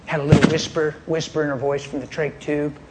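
A man's voice: a little high, level tone, fairly quick, heavy background noise. A man preaching a testimony in a pointed, straight-talking way, telling his story with animation and frequent laughter. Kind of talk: sermon testimony.

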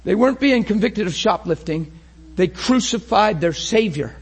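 A man preaching a sermon with great passion, often rising to a shout and acting out how his listeners would react. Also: sits high, animated, moderate pace, husky.

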